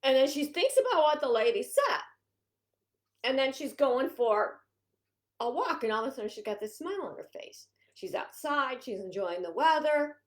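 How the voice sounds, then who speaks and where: Brief: woman consultant, chatty and meandering, bright high voice. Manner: rambling, chatty, frequent restarts. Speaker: home organizing consultant. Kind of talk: casual vlog talk.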